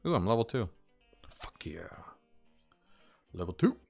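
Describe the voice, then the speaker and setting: A man developing a game on a live stream, talking to himself and swearing casually, his voice a bit hoarse. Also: low-pitched, very animated, a little slow, a little mellow, soft background music.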